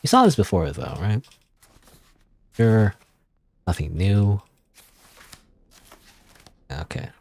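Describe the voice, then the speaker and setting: A man's voice: on the low side, sing-song, takes it slowly, pauses often, darkish tone, no echo. A man streaming a video game, thinking aloud in a casual, rambling way and reading in-game text. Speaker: gaming streamer. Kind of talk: let's play commentary.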